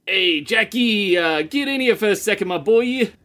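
A man playing Tarzan as a rambling, easily distracted father in an improvised comedy podcast, talking haltingly with many fillers. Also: high-pitched, expressive, a bit bright.

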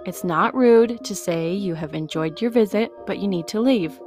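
A woman voicing a calm, firm female guide who coaches others in a patient, direct way. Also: medium pitch, normal speed, soft background music, lightly acted.

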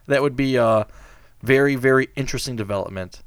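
A man hosting a podcast in casual chat, sarcastic and animated, laughing often. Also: mid-range voice, a little fast, clear, resonant tone, no room sound. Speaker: podcast host.

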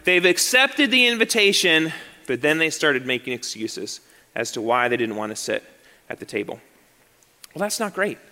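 High, bright pastor preaching. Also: male voice, moderate pace. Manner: animated, acts out excuses in quoted voices. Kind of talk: sermon. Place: church sanctuary. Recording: long hall reverb.

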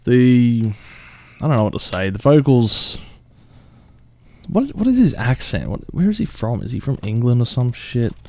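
A man's voice: medium pitch, very animated, moderate pace, a little mellow. A man casually reacting to a song cover, blunt and swearing often, with short laughs. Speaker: music reaction host.

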